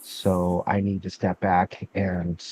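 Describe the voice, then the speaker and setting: A man in a casual group talk, speaking haltingly and stumbling over his words. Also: sits low, completely flat delivery, darkish tone, a little hiss or hum. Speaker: discussion participant. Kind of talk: casual chat. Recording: dull lo-fi sound.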